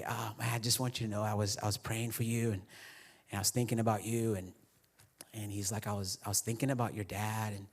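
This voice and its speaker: A middle-aged male pastor with a somewhat low voice gives a relaxed, conversational sermon. He tells a personal story and acts out both sides of the conversation, sometimes dropping to a whisper and sometimes laughing. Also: breathy edge. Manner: animated, confessional, acts out dialogue with whispers and laughs. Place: church auditorium.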